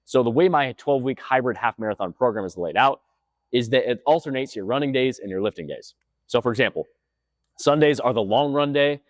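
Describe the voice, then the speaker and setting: Male fitness coach, quick energetic delivery, dry close mic, emphatic. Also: medium pitch, dry recording. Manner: energetic, repeats points for emphasis. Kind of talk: casual talk to camera. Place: gym.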